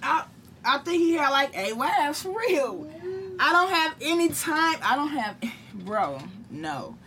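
Brash high-voiced woman telling a story. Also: unhurried. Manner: animated, profane, acts out quotes. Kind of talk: profane storytelling to friends.

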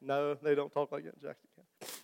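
A pastor with a slightly high, darkish, creaky voice preaches quickly and in a monotone. He's conversational and jokes with the congregation, and the church sanctuary gives a long reverb.

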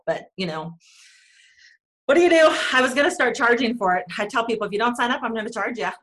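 A lower-voiced woman from North Dakota speaking as a podcast guest. She is chatty and self-deprecating, with plenty of "um" and "you know.". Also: fairly bright tone. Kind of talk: casual chat.

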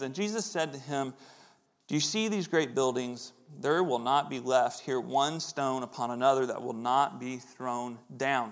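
Conversational preacher, fairly high voice. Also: male voice, normal speed, a bit bright. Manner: conversational, acts out voices in quotes. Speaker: pastor. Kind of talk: sermon.

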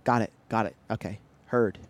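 A young man co-hosting a casual podcast, telling animated stories and trying out silly accents. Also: lowish voice, moderate pace, slight background noise. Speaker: podcast co-host. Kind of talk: casual chat.

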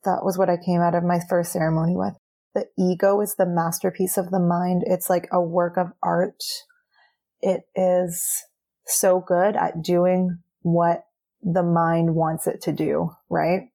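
A woman's voice: fairly low pitch, flat delivery, measured pace, vocal fry, dark tone. A young adult woman telling her personal story as a guest in an interview, earnest and chatty, often saying "like".

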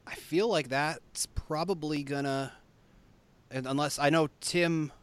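Smooth-voiced man hosting a casual podcast. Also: on the high side, fairly even intonation, slow. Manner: thoughtful, many fillers and hedges. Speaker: podcast host.

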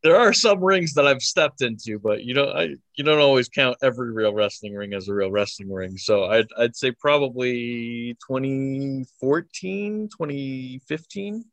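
A man's voice: mid-range voice, expressive, normal speed, hardly any pauses, a bit bright, no echo. A man in his twenties, a wrestler answering interview questions casually, hesitant and full of fillers, chuckling often. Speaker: wrestler guest.

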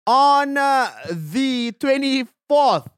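A man co-hosting a podcast in casual chat, lively and joking, slipping into a mock Australian voice. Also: extremely high pitch, very slow, no room sound, studio quality. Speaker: podcast co-host.

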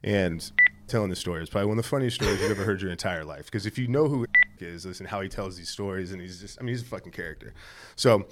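A man's voice: deep voice, fast, heavy background noise. A man telling a long, rambling story in casual, profane chat, laughing as he goes. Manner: rambling, profane, laughs through his stories.

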